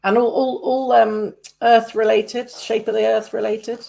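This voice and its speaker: A woman's voice: fairly high pitch, little pitch movement, unhurried, gravelly, warm tone. A woman in her fifties hosting a casual interview podcast, rambling with many restarts. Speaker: podcast host.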